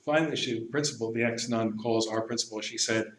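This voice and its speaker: A priest giving a lecture, telling stories in a lively way and laughing at his own tales. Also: mid-range voice, a little fast. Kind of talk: lecture with anecdotes. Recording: echoey lecture room, faint hum.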